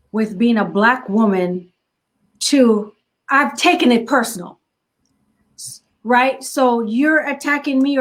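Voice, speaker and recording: A woman hosting a podcast, responding with frequent affirmations and reflecting on what she heard. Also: fairly high pitch. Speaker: podcast host. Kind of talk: podcast conversation.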